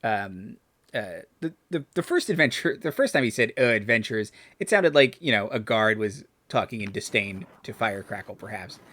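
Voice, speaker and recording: A man narrating a tabletop game as dungeon master, halting often with fillers and restarts. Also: on the low side, lively intonation, fairly bright tone. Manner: hesitant, full of fillers and restarts.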